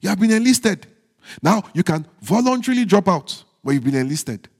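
High-voiced male preacher in a reverberant hall. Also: sing-song. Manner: emphatic preaching with slowed, stressed phrases; drops to low, quiet teasing asides. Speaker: pastor. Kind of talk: sermon.

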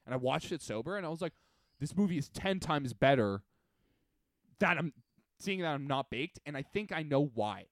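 A man's voice: a little high, moderate pace, no echo, studio quality. A young man co-hosting a podcast, telling stories in a casual chat and acting out his friends' lines. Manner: animated storytelling, acts out friends' lines. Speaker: podcast co-host.

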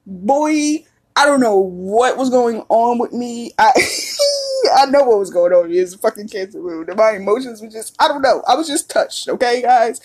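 A woman's voice: on the high side, expressive, normal speed, darkish tone, breathy edge. A woman in her thirties hosting a podcast, talking in a candid, profane, casual monologue and laughing often. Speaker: podcast host.

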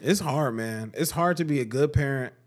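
A man's voice: medium pitch, moderate pace. A young man co-hosting a casual podcast, a father speaking earnestly and emphatically about parenting, often saying "like" and "man". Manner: earnest, emphatic, repeats points, fills with "like" and "man". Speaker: podcast co-host; father of two.

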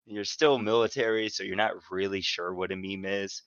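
A man's voice: sits low, fairly even intonation, normal speed, a bit bright, clear, resonant tone, no echo. A man rambles through a story on a casual podcast, swearing freely and restarting his sentences. His voice sounds dry and close, with a slightly dull, muffled tone. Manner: rambling, profane, lots of fillers and restarts. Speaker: podcast co-host.

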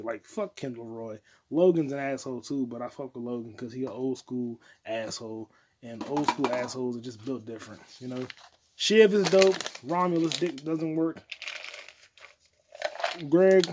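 Profane, rambling American podcast host. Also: male voice, on the high side. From United States. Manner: loose, profane, offhand monologue with sudden excited outbursts. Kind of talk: casual solo podcast rambling.

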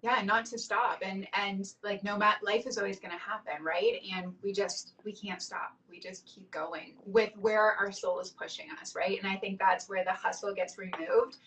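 A woman's voice: medium pitch, steady tone, moderate pace, hardly any pauses, fairly bright tone, far from the mic, rough recording. A woman in her thirties hosting a casual chat, telling stories in an effusive, emotional way. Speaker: host.

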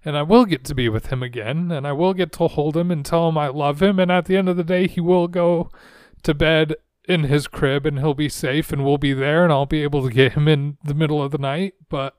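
A man's voice: on the high side, fairly even intonation, fairly quick, clear, resonant tone, dry recording. A young man hosting a solo podcast, talking earnestly and searchingly into a close microphone. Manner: earnest, searching, soft-spoken. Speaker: podcast host. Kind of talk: solo reflective podcast talk.

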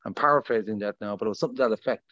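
A man's voice: fairly low pitch, racing, sharp tone, no room sound. A man hosting a podcast, talking in a loose, rambling way. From Ireland. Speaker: podcast host. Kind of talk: casual podcast interview. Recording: dull, lo-fi, dry sound.

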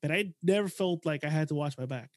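Fast-talking, high-voiced storytelling man. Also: no room sound, studio quality. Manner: profane, animated storyteller. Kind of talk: casual chat.

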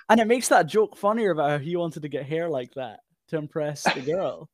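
A podcast co-host with a fairly high voice chats casually about a film, halting often with restarts and fillers and laughing frequently. There's no room sound in the recording.

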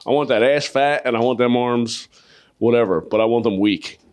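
A man with a middle-pitched voice hosts a podcast in loose, crude chat. He swears constantly, jokes crudely and tells rambling stories. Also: normal speed, a little mellow. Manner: profane, joking, storytelling. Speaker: podcast host; comedian.

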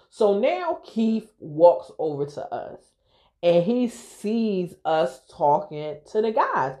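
A young woman telling a personal story on her podcast in a candid, profane, lively way. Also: mid-range voice. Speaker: podcast host. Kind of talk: casual storytelling to listeners.

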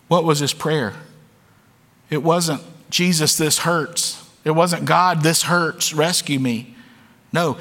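A male pastor delivers an evening sermon in an earnest, candid way, doubling back on words as he builds his point. His voice sits a bit high for a man. The sound carries a long reverb tail from the church hall. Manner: earnest, candid preaching with frequent word repeats.

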